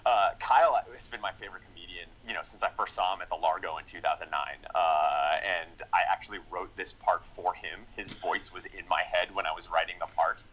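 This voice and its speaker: A man's voice: sits low, fairly even intonation, brisk, hardly any pauses, a crowd in the background, low-quality recording. A man who wrote and directed a film, chatting enthusiastically in an interview, rambling with lots of fillers and restarts. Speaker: screenwriter and director. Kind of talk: casual interview.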